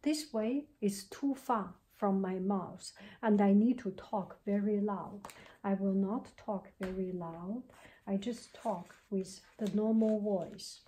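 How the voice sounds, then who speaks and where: Soft asmr tutorial lady at her desk, slow halting talk, mellow close mic, slips into whispers. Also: mid-range voice. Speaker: tech tutorial host. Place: home desk workspace. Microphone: close handheld mic with pop cover.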